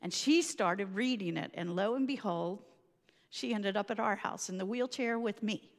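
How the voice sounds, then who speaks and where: Lively, self-mocking woman storyteller. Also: mid-range voice, moderate pace, big-room sound. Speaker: speaker telling a personal story. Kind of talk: animated personal storytelling.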